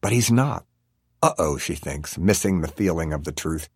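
A man narrating an audiobook chapter with a wry, deadpan delivery. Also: sits low, normal speed, breathy edge, no echo, studio quality.

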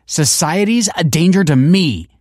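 A man's voice: lowish voice, sing-song, moderate pace, a little mellow, dry recording, studio quality. A man reading a story aloud and voicing a defiant, foul-mouthed teenage schoolgirl with sarcastic, insolent lines.

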